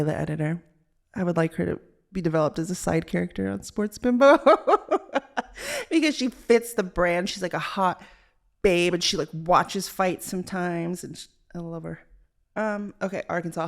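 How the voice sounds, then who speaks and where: A woman's voice: fairly low pitch, normal speed, gravelly. A young woman from Los Angeles hosting a casual solo podcast, chatty and loose, with lots of "like" fillers. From Los Angeles, Southern California. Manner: chatty, valley-girl style with many "like" fillers. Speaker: podcast host.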